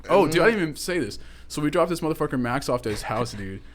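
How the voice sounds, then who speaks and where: A man's voice: fairly high pitch, animated, fast. A young man, co-hosting a podcast and telling a rambling story, full of "like" and "dude" and plenty of swearing. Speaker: podcast co-host. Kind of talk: casual storytelling chat.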